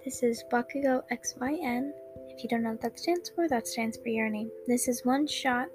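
A woman reading her own fan fiction aloud, halting and stuttering with many fillers, with music playing behind. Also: on the high side. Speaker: storyteller.

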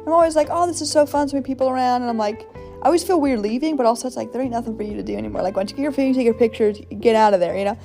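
Fast-talking woman rambling through a story. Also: on the high side, vocal fry, dark tone, soft background music. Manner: rambling, fillers, acts out her own quotes. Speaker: podcast host. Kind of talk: casual solo podcast monologue.

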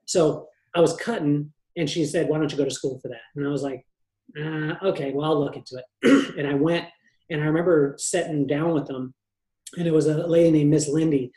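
A man from California, a hairdresser, tells his life story in an easy, joking way and slips into voices for the people in it. His voice sits a little high for a man, and the room around him rings with echo. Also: brisk. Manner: animated, joking, acts out family members' voices. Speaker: guest hairdresser. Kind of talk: storytelling in a podcast interview.

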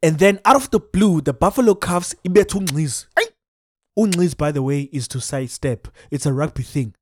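A man with a South African accent telling a comic story in an animated way, dropping in Xhosa exclamations. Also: fairly high pitch, brisk, no echo, studio quality.

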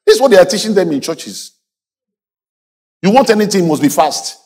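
A man's voice: high voice, sing-song, fast talker, darkish tone, breathy edge. A male pastor preaching a sermon, leading the congregation in call-and-response and mimicking church members for effect.

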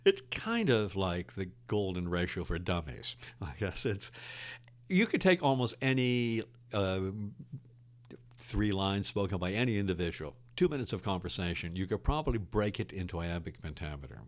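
A man's voice: low voice, big pitch swings, normal speed, no room sound. An older man, a former English teacher, talking in a thoughtful, wry and digressive way. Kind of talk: reflective conversation.

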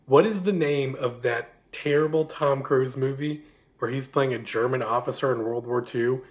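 A man's voice: mid-range voice, normal speed. Laughing man co-hosting a podcast. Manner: jokey, laughs often, teasing. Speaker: podcast co-host. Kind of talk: casual chat.

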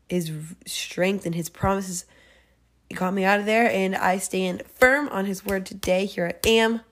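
Her voice is low and creaky as the young woman hosts a devotional episode of her faith podcast. She talks casually and earnestly, chatty and full of fillers and self-corrections as she sorts through her ideas.

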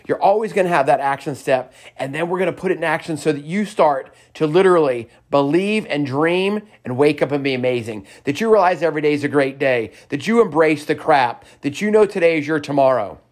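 With lively intonation, a brisk pace and few pauses, a man's slightly high voice carries a motivational podcast. He rallies listeners through a personal story and keeps repeating cheerful lines in an eager, sing-song cheerleading style.

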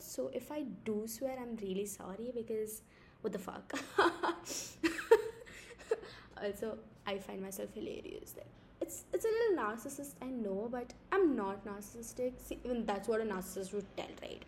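A young woman from India with a squeaky voice, rambling and giggling through an improvised podcast from home late at night. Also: animated, moderate pace, a little mellow, slight background noise. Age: young adult. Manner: giggly, rambling, self-mocking. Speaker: podcast host. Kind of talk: casual improvised podcast chat.

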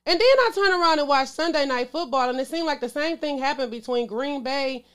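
A woman's voice: high voice, a little fast. Emotional woman in casual sports talk. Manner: emotional, exclaims and sighs, talks to viewers as "y'all". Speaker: sports show host. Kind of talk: casual sports commentary to camera.

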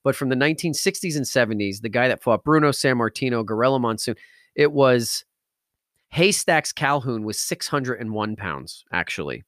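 A man's voice: medium pitch, lively intonation, normal speed, a bit bright, no echo, studio quality. A man hosting a podcast, telling an emotional story with intense, emphatic delivery that rises into outbursts. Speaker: podcast host.

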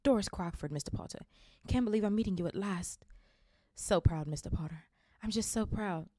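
A woman's voice: medium pitch, moderate pace, mellow, no room sound, pitched above the performer's own voice, natural voice. A fluttery old woman, effusive and gushing, pouring out her praise, voiced by a woman reading aloud. The reading is close and dry.

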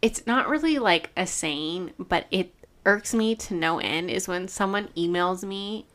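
A woman hosting a podcast in a casual chat, animated and quick to laugh. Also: lowish voice. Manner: giggly, animated. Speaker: podcast host.

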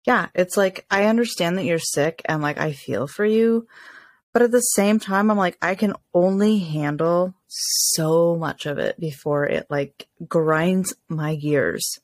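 A woman's voice: lowish voice, expressive, measured pace, dry recording. A young woman co-hosting a casual parenting chat, venting and laughing often. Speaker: podcast co-host.

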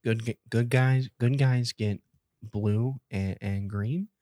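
A man co-hosting a casual podcast, excitable and rambling, laughing often and restarting his sentences. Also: medium pitch, slow, no echo, studio quality. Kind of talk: casual chat.

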